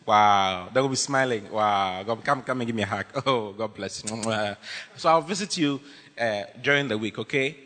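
A man preaching a lively, humorous sermon as pastor, teasing his congregation with bursts of shouting. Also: lowish voice, normal speed, in a large hall.

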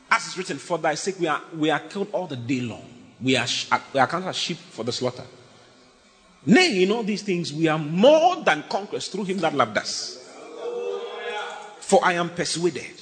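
A man preaching a sermon, swinging from low murmurs up to high shouted lines and reading scripture aloud. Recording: long hall reverb.

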